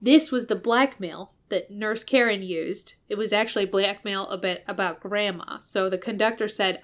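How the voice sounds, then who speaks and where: A woman's voice: mid-range voice, moderate pace, few pauses, fairly bright tone. A woman hosting a podcast, animatedly recapping a story and quoting the characters as she goes. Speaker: podcast host. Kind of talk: casual recap with quoted voices.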